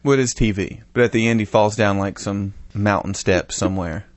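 A man's voice: on the low side, fairly quick, dry recording. A man co-hosting a casual podcast, telling a funny story in a joking way while he has the hiccups. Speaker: podcast co-host. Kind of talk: casual chat.

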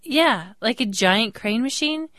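A young woman, a mother, co-hosting a casual podcast and telling a story with lively voice changes. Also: unhurried, no echo, clean studio sound. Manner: animated storyteller, jumps into high voices when quoting people. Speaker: podcast co-host. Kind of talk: casual chat.

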